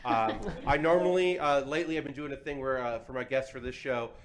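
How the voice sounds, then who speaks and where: A man's voice: mid-range voice, a little fast, a crowd in the background. Chatty, playful panel host, man. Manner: chatty, playful, self-deprecating. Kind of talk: casual live panel hosting. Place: convention panel room. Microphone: handheld or table mic.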